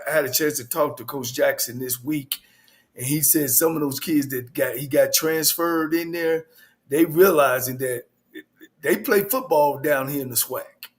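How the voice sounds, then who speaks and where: A man co-hosting a sports talk show as a coach, breaking down a game in a loose, casual way full of "you know.". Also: fairly high pitch. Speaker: co-host and football coach.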